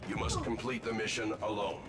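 A man's voice: on the low side, little pitch movement, brisk, music in the background, close to an everyday voice. A man voicing a terse, commanding game announcer, heard through game audio. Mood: stern. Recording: game audio under loud gunfire.

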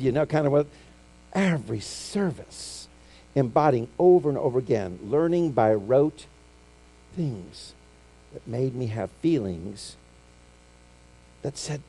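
A middle-aged man preaching a sermon, telling stories and acting out quotes, swinging from loud to hushed. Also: medium pitch, expressive, measured pace, pauses often. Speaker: pastor.

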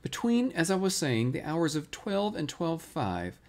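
A small, timid piglet, played by a man for a bedtime storybook. He frets and stumbles over his words, and his voice is lifted high above the reader's own. It swoops about in a lively, skittish way. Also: a little slow, exaggerated voice. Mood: nervous. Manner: anxious, fussy, stammering.

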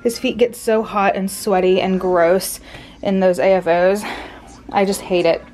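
A woman's voice: medium pitch, fairly even intonation, unhurried, darkish tone, soft background music. A woman chatting casually in a home vlog, often laughing and speaking sing-song to her children, recorded on a handheld camera. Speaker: family vlogger and mother. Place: family home indoors.

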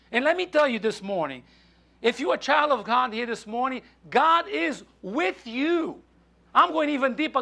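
A man preaching a sermon in a church, halting with frequent restarts and fillers. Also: very high voice, vocal fry, sharp tone. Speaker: pastor. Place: church sanctuary.

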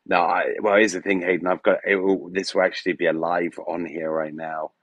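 A man's voice: low-pitched, level tone, fairly quick, fairly bright tone, no room sound, highs cut off. A man hosting a live stream, talking in a hesitant, rambling way full of fillers, his voice turning emotional at moments. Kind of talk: casual live-stream chat. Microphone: phone.

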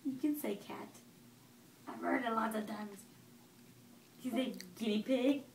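Woman, high voice, reading a picture book to a toddler, patient and encouraging, echoey room. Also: measured pace, creaky, darkish tone. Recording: echoey room with faint background noise.

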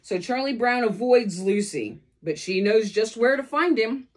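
A woman's voice: on the high side, measured pace. A woman from California reading a children's storybook aloud, giving the characters their own voices. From California, USA. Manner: lively read-aloud with voiced character lines. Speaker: storybook reader.

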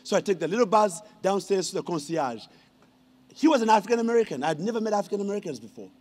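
Accepting an honorary degree, a high-voiced Ugandan man tells funny stories in a lively ceremonial speech at a quick pace. He's animated throughout and teases the audience with questions.

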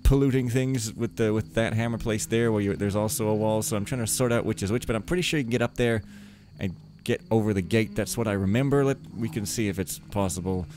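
Low-voiced man joking through a game. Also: fast, few pauses, darkish tone, slight background noise. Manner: wry, joking, talks to himself. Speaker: let's play host. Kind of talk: rambling gameplay commentary. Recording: game music behind voice. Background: game music.

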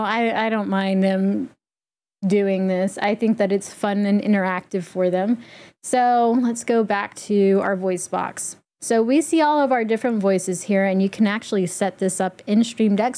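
A woman walking through a software setup in a casual, chatty tutorial, explaining step by step with easy fillers. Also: medium pitch. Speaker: streamer giving a setup tutorial. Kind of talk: casual screen-recorded tutorial.

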